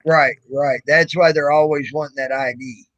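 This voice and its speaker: A man's voice: on the high side, normal speed, lo-fi sound. A man hosting a livestream, telling a story in a loose, profane way and acting out the other people in it. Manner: profane, animated, acts out quoted voices. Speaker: livestream host. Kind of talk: casual storytelling chat.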